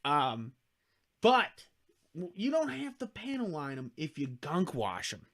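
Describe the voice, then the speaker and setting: A man's voice: on the high side, huge pitch swings, measured pace, fairly bright tone. A tired man hosting a casual livestream, rambling and jokey, swearing freely and slipping into silly accents. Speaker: livestream host building model kits.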